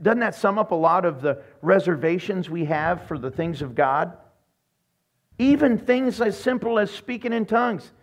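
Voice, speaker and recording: A man preaching a sermon as pastor, telling jokey stories and acting out other people's voices. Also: fairly high pitch. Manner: animated, joking storyteller, acts out voices.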